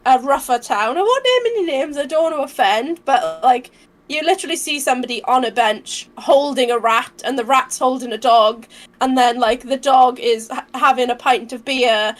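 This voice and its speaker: A young-sounding Welsh woman with a very high voice that leaps all over the place. She chats casually as a podcast guest, incredulous and quick to giggle. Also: expressive. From Wales. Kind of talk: casual chat.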